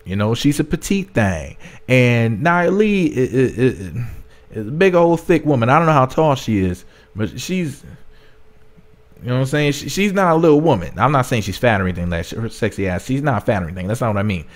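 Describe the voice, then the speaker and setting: Male vlogger, mid-pitched, loose slangy recap delivery, chatty and digressive. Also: sing-song, brisk. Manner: rambling, slangy, self-correcting, gossipy. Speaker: reality TV reviewer. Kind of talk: casual recap commentary.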